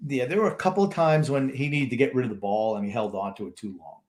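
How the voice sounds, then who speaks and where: A man's voice: mid-range voice, quick pace, a little mellow. Blunt, opinionated male sports podcaster. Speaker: podcast co-host. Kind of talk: casual sports talk.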